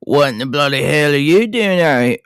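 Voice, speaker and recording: A man voicing a rough-edged middle-aged Australian bushman, attempting an Australian accent and chuckling through folksy slang. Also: fairly high pitch, animated, normal speed, fairly bright tone, no room sound, studio quality, pitched above the performer's own voice. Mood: jovial.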